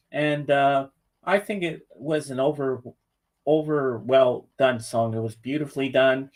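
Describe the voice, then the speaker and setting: A man's voice: medium pitch, slow, a little mellow. A man co-hosting a podcast, chatting casually in an easygoing, plain-spoken way. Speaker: podcast co-host. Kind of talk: casual chat.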